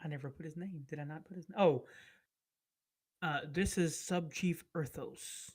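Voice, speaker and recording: A man narrating as game master of a tabletop game, relaxed and rambling, with many fillers. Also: on the high side, moderate pace.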